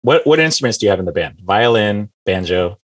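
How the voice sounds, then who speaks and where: A man hosting a casual podcast chat, rambling and acting out quoted people in animated voices. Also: on the low side, fairly quick. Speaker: podcast host.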